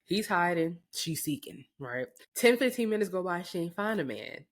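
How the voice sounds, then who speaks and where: A pregnant young woman chats on a podcast, her voice sitting on the low side. She tells family stories with lots of energy. She acts out everyone's lines and swears freely. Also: big pitch swings, normal speed. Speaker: podcast co-host. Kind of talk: casual chat.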